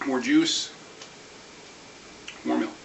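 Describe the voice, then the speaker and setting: A man's voice: mid-range voice, extremely slow. Rambling man in an echoey room. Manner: rambling, animated, swears. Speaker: vlogger ranting about anime. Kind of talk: casual rant. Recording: echoey room, far from mic, faint hiss.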